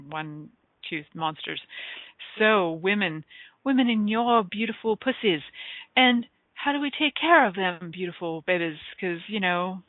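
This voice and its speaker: A woman's voice: fairly low pitch, dry recording. Playful, joking woman talk host; phone-line quality, dry. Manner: playful, giggly, joking, bawdy. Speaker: radio show host. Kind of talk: casual talk radio monologue.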